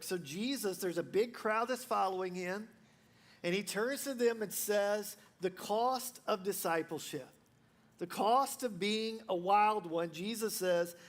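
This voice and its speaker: High-pitched guy pastor preaching, chatty and jokey, lots of "like" and restarts. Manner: casual, joking, many fillers and restarts. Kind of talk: sermon.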